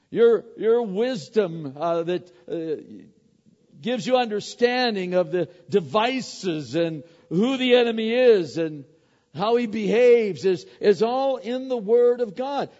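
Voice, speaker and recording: Here a male pastor's high, warm voice carries an emphatic sermon full of repeated words. He keeps asking rhetorical questions and answering them himself. The audio is dull, lo-fi and echoey, as if recorded in a hall.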